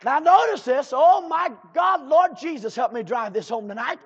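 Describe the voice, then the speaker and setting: A man preaching a fiery sermon, breaking into shouts and slow drawled asides and calling out to the congregation. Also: very high voice, animated. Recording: dull lo-fi church recording.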